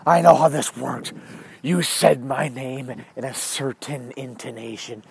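A man's voice: medium pitch, steady tone, measured pace, gravelly, slight background noise. A man voicing an eager pet dog.

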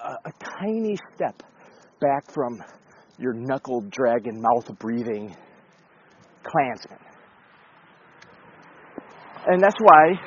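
Blunt male commentator, casual and profane, animated intonation, slightly dull sound. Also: on the high side, a little hiss or hum. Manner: blunt, profane, conversational, with restarts.

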